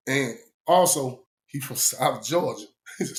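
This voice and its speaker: A man telling a casual story, animated and laughing often, his voice jumping high when he quotes himself. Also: a little fast.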